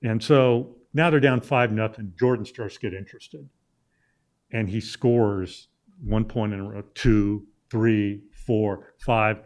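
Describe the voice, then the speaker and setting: Speaking slowly in a fairly low, steady and slightly mellow voice, this middle-aged Illinois man is a sports journalist appearing as a talk show guest. He rambles through a long, casual anecdote packed with "uh" fillers and restarts.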